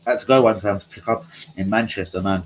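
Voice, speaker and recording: A man's voice: fairly low pitch, fairly even intonation, quick pace, slight background noise, low-quality recording. Rambling, slangy male live streamer. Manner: rambling, slangy, talks to chat. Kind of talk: casual live-stream chat. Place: at home.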